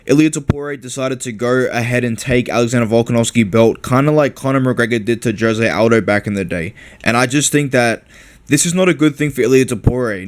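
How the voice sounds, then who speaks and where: A man hosting a fight recap, talking in a loose, slangy, profane way with lots of fillers. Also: medium pitch. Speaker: MMA commentary host. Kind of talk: casual recap commentary.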